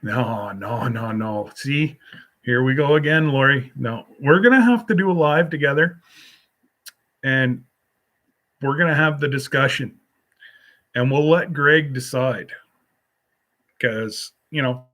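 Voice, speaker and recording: A man chatting slowly and loosely through a casual solo live stream, picking up viewer comments one by one and answering them. His manner is folksy and gently teasing, and his pitch sits at an everyday middle.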